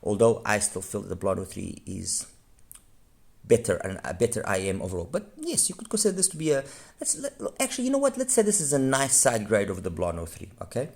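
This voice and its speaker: A man's voice: fairly low pitch, sing-song, fairly quick, gravelly, a little mellow. A man giving a frank, rambling review of audio gear, often stopping to correct himself mid-sentence. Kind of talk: unscripted review monologue.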